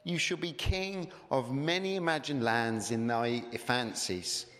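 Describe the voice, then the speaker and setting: A man reading aloud and voicing a scheming enchantress queen in a sweet, quiet, half-mocking tone, in a reverberant hall. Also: mid-range voice, very animated, unhurried. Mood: coaxing. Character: soft-spoken scheming enchantress queen, female, coaxing.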